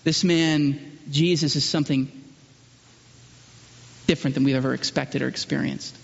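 A male pastor preaching a sermon and asking the congregation questions. He builds to loud, emphatic peaks and drops low and quiet for solemn lines. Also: fairly even intonation, moderate pace, creaky, husky. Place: church hall. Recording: muffled sermon recording with long hall reverb.

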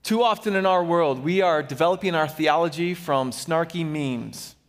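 A man preaching a sermon as a pastor, animated, acting out the Bible figures he quotes. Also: on the high side, normal speed, big-room sound.

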